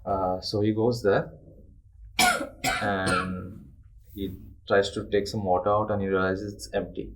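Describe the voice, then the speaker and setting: Young dude telling a spooky story on a podcast, low voice, swears a lot. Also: male voice, slow, pauses often, a little hiss or hum, rough recording. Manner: relaxed storyteller, swears freely. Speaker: podcast host. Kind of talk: casual ghost story telling.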